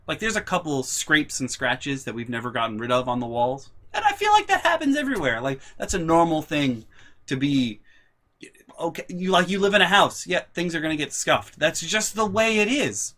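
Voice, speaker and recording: A young man vlogging a storytime, telling family anecdotes in an animated, sweary, casual way. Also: on the high side, moderate pace. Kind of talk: storytime vlog.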